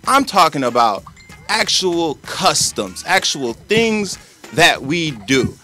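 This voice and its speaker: Animated earnest American man arguing. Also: fairly high pitch, takes it slowly, faint music behind. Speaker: podcast host. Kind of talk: heated casual debate.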